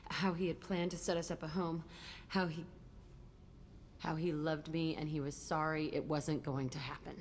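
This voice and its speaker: A woman's voice: sits low, little pitch movement, normal speed, long reverb tail, a little hiss or hum, close to an everyday voice. A woman voicing a blunt, bitter young fighter. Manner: blunt, curt and defiant. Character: hardened, bitter young woman fighter with a chip on her shoulder. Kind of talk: video game dialogue.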